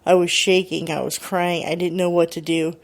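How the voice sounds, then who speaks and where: A woman's voice: fairly low pitch, flat delivery, moderate pace. A woman radio host retelling a listener's ghost story, quoting her line by line in a chatty way. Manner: chatty, quotes the caller line by line.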